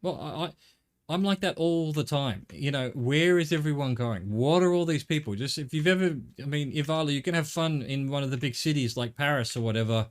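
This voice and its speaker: Speaking fairly quickly in a higher register, a middle-aged man with an Australian accent keeps up casual live-stream chatter while gaming. His talk is rambling and wry, full of jokey remarks to chat.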